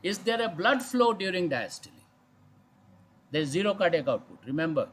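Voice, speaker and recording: A man's voice: high voice, sing-song, normal speed, poor audio. A man giving a medical lecture, explaining step by step and putting questions to his audience. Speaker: physician lecturer. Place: hospital lecture livestream.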